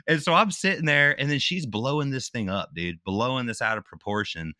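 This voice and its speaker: Male veteran guest, casual storyteller who acts out quotes; bright forceful tone, dry close recording. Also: medium pitch, fairly quick, hardly any pauses, dry recording. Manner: animated retelling, acts out quotes, slangy with "dude" and "bro".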